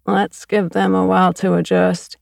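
A woman's voice: on the low side, little pitch movement, normal speed, vocal fry, darkish tone, no echo, clean studio sound. A woman reading an audiobook, voicing a weary, matter-of-fact farmer father.

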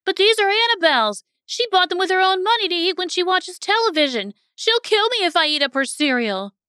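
A woman puts on a small, picky boy with a high, pleading whine. He sounds fretful and quick to complain. The voice is close and dry in a storybook reading. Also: sing-song, pushed and bright, dry recording, heavily acted. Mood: anxious. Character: whiny young boy, picky and anxious.

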